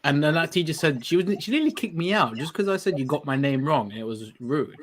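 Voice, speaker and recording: A man's voice: on the high side, very animated, fairly quick, slight background noise. A young man co-hosting a casual group chat, ranting and swearing heavily. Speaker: podcast co-host.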